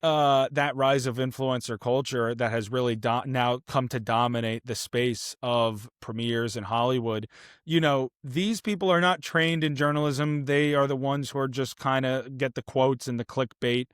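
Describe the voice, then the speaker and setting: A man's voice: mid-range voice, fairly even intonation, moderate pace, clear, resonant tone, no room sound, studio quality. A man co-hosting a casual film podcast, talking in an earnest, opinionated way with plenty of fillers and restarts. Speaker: podcast co-host.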